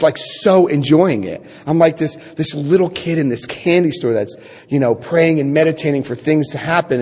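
A husky-voiced man in his forties tells his recovery story to a meeting, slightly high for a man and swinging up and down as he acts out the conversations. His voice rings with a long reverb from a hall. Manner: animated storytelling, acts out quoted dialogue. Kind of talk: personal recovery talk.

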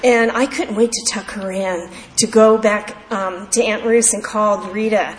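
A woman's voice: mid-range voice, steady tone, measured pace. A woman candidly sharing her personal recovery story at a meeting, in a heartfelt storytelling manner. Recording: echoey hall with faint background noise.

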